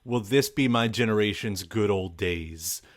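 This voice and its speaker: A man's voice: lowish voice, unhurried, dry recording, clean studio sound. A man hosting a casual interview and drawing his guest out about her music. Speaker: interviewer host.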